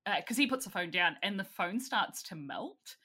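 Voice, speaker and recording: A woman casually recapping a film plot in lively storytelling, with fillers and the odd swear. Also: medium pitch, normal speed, slightly rough. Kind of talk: casual chat.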